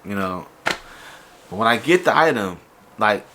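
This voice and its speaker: A man hosting a casual toy unboxing vlog, sounding stuffy and nasal from allergies, telling his story in an animated, exasperated way. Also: on the low side, slow, slight background noise. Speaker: toy collector vlogger.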